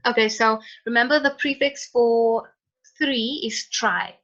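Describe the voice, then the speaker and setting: Bright-voiced woman teaching over a call. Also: a little high, fairly even intonation, measured pace. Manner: patient, prompting students by name. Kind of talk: online chemistry lesson. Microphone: computer mic on a video call. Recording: dull lo-fi online call audio.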